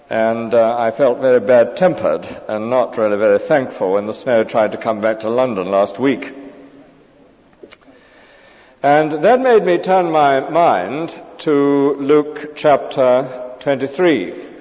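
A man's voice: mid-range voice, a little mellow. A man preaching a conversational sermon with hesitant fillers. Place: church. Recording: dull lo-fi church recording with long reverb.

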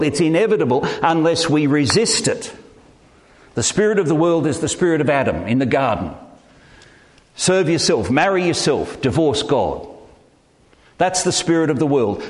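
A middle-aged man, preaching a sermon in an animated, emphatic way with self-deprecating humour. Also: a little high. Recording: reverberant hall.

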